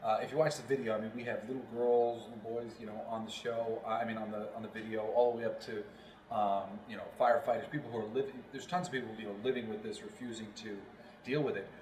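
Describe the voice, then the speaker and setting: A man's voice: fairly low pitch, fairly even intonation, fast, darkish tone, slight background noise. A man from New York, a voiceover actor, talking casually as an interview guest and rambling with many fillers. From New York, Long Island. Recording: roomy, distant mic.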